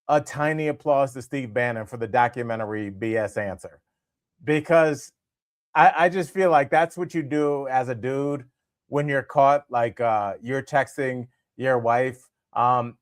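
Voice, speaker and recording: A man co-hosting a comedy news podcast, riffing in an animated way and laughing at his own jokes. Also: medium pitch, a little slow, dry recording, studio quality. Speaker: podcast co-host.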